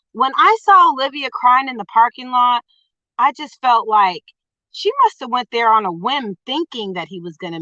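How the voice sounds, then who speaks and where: On a phone-recorded live stream with a dull, dry, lo-fi quality and no echo, a breathless woman vlogger says hello to viewers and offers gossipy takes on online drama. Her medium-pitched voice is bright and forceful.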